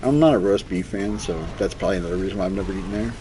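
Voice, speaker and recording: A man's voice: deep voice, racing, dark tone, slight background noise. A young man streaming a game, rambling through loose, profane stories in casual chat. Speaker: gaming streamer. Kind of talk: casual storytelling chat while gaming.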